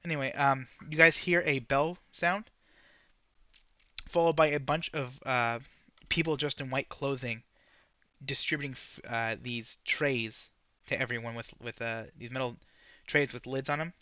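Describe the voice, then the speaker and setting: A man narrating as game master of a tabletop game, casual and halting with fillers. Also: mid-range voice, steady tone, pushed and bright, clear, resonant tone, no room sound, dull audio.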